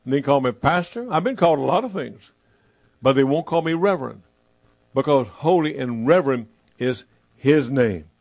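A man preaching a sermon as pastor, emphatic, repeating his phrases and slowing down to stress them. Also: medium pitch, expressive, a little mellow, no echo, highs cut off.

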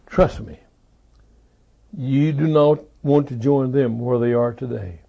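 A man preaching a sermon, repeating key phrases for emphasis and swinging between loud rises and low, quiet drops. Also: takes it slowly, vocal fry, dull audio.

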